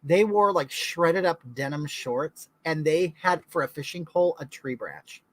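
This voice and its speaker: A man's voice: fairly high pitch, measured pace, fairly bright tone, poor audio. A man from California hosting a casual livestream, chatting to viewers and reading their comments aloud in a gossipy way. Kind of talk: casual chat.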